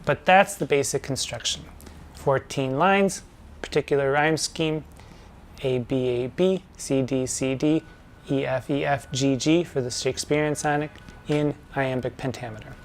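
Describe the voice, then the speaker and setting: A man hosting a lesson and explaining things in a measured, didactic way, slowing down to spell out patterns. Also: mid-range voice, steady tone, a little hiss or hum. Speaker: drag performer hosting a poetry lesson.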